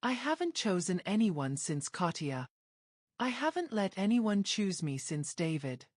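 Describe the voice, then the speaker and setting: A woman narrator voicing a guarded, brooding man who is a crime boss, speaking quietly and intensely. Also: mid-range voice, sing-song, a little slow, no echo, studio quality. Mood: tender.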